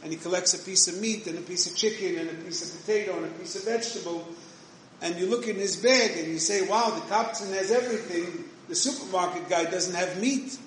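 Man, Torah lecture, somewhat high voice, heavy room echo, faint hiss. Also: brisk. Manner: conversational, mixes Yiddish and Hebrew terms, many restarts. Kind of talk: yeshivish Torah shiur. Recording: very echoey room, faint noise.

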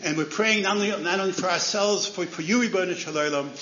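A man's voice: high-pitched, quick pace, bright, forceful tone, slight background noise. Man, rabbi, Torah lecture, storytelling, roomy, dull sound. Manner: acts out story voices with sudden rises.

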